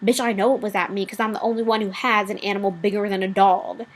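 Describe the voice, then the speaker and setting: A woman's voice: medium pitch, flat delivery, fast, low-quality recording. A woman vlogger delivering a blunt, profanity-laced rant, rambling with asides and fillers.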